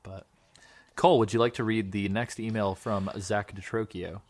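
A man's voice: fairly low pitch, fairly even intonation, moderate pace. A man co-hosting a podcast in casual chat, joking around and laughing often. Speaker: podcast co-host.

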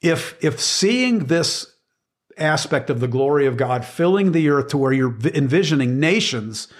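A man's voice: on the high side, animated, moderate pace. A middle-aged man explaining Bible passages in casual conversation, earnest and emphatic, often repeating words as he searches for phrasing.

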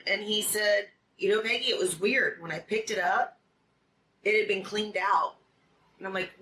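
A woman interviewee retelling events in an animated, panicky way, full of fillers and quoted dialogue. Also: mid-range voice, moderate pace. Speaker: interviewee, friend of missing woman. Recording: roomy distant recording with faint background noise.

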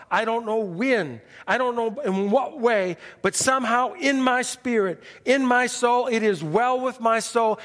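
High-voiced folksy preacher in reverberant sanctuary. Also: male voice. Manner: animated, swings from loud to hushed; folksy, humorous asides. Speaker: pastor. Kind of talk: sermon.

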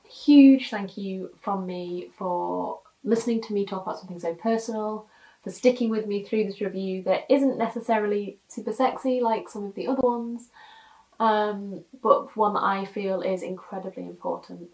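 A woman's voice: medium pitch, moderate pace, darkish tone. Woman reviewer, candid and heartfelt, with fillers; recorded with a distant mic in a reverberant room. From United Kingdom. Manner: frank, earnest, many ums, gets emotional. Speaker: podcast guest reviewer. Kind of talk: personal product review monologue. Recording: roomy echo, distant mic.

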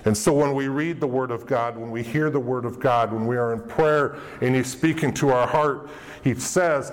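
A man pastor delivering a sermon with earnest conviction, sometimes slipping into the voices of the people he quotes. His voice sits at an ordinary middle pitch for a man. It rings out with a long reverb tail, as if recorded in a large hall. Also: normal speed. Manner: earnest preaching, acts out quoted inner voices.

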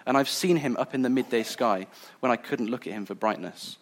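A man's voice: medium pitch, brisk, natural voice. A man reading aloud as a stubborn male marsh creature who defiantly insists on what he knows.

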